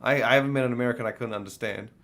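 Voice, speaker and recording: A man's voice: medium pitch, fairly even intonation, rapid-fire, a bit bright. A man with a New Zealand accent, a podcast panelist rambling in casual chat and swearing freely.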